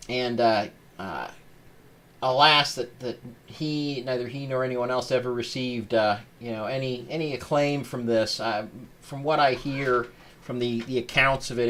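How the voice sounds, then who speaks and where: A man hosting a live-streamed podcast, talking casually in a halting, rambling way with lots of fillers. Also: medium pitch, fairly even intonation, a bit bright, a little hiss or hum. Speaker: podcast host.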